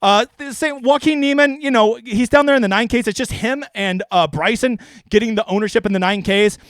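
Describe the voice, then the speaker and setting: A man's voice: very high voice, a little fast, a bit bright, no echo, studio quality. A man hosting a fantasy sports live stream, talking in a brash, profane, rambling way. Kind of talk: casual live stream commentary.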